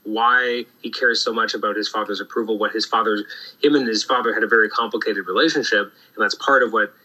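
Bright, animated man chatting about comics. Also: lowish voice, quick pace, low-quality recording. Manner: animated, acts out quoted lines, many restarts. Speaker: podcast host. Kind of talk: casual comic book discussion.

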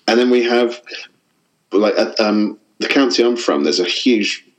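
A man's voice: fairly low pitch, unhurried, crowd noise, rough recording. A man from the south of England with a southern English accent, chatting casually as a podcast guest, rambling and self-deprecating with frequent laughs. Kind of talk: casual chat.

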